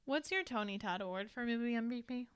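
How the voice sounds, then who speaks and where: A woman co-hosting a podcast, chatting casually and in an animated way, recounting scenes with asides. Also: on the high side, brisk, clear, resonant tone. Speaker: podcast co-host. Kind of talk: casual movie chat.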